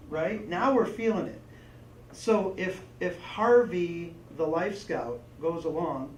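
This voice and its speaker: A man training a group on storytelling, lively, acting out little voices and asides as he teaches. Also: high voice. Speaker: presenter and trainer. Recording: echoey room, distant mic, faint noise.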